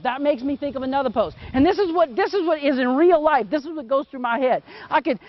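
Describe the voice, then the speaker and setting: A middle-aged man teaching photography while he works, talking casually and often checking in with "okay?". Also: very high-pitched. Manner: chatty, keeps asking "okay?". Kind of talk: hands-on teaching demo. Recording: dull, muffled sound.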